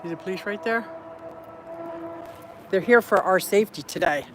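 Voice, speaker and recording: A woman's voice: medium pitch, normal speed, background noise. A woman hosting a casual home tour vlog about her fish and pets, chatty and giggly, talking to her animals and viewers while walking around a house and yard. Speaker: fish keeping channel host.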